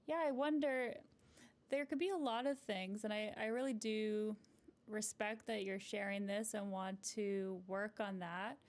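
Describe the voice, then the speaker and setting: A woman's voice: mid-range voice, fairly even intonation, a little slow. Encouraging woman therapist, chatty and explanatory. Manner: conversational, often ends points with a checking "right?". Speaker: couples therapist. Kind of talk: live-streamed advice chat answering viewer comments.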